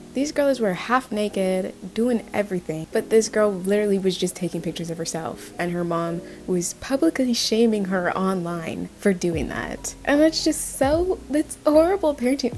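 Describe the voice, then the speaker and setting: A young adult woman giving casual commentary, talking in an animated, conversational way with lots of "like". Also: mid-range voice. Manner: animated, conversational, heavy use of "like". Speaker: video essayist.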